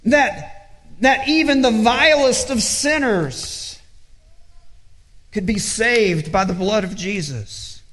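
High-voiced preacher man in echoey hall. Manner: earnest, halting repetitions, drops low and soft for quoted scripture. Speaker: pastor. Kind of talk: sermon.

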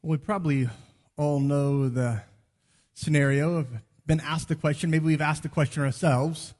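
A man with a high voice preaches a sermon and tells stories casually, slipping into the voices of the people in them. The sound carries the long reverb of a church sanctuary. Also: steady tone, moderate pace, darkish tone. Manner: conversational storytelling, acts out dialogue.

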